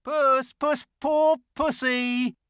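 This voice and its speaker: A man reading an audiobook, voicing a cruel mob of hags and beasts with high, mocking, taunting cries. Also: expressive, slow, bright, forceful tone, clean tone, dry recording, clean studio sound, exaggerated voice. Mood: jeering. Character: jeering mob of hags, dwarfs and apes. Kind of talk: audiobook character voice.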